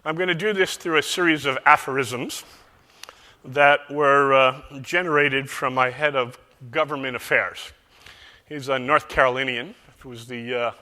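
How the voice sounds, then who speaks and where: Bright-voiced man speaking in a hall. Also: medium pitch, fairly even intonation, moderate pace. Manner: folksy storytelling with metaphors. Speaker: keynote speaker. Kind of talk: conference keynote speech. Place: large conference hall. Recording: echoey large hall.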